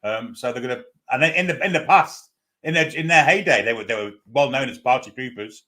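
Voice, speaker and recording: A man's voice: medium pitch, a little fast, bright, forceful tone. A man co-hosting a live football fan stream, chatting casually and restarting his phrases. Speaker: co-host.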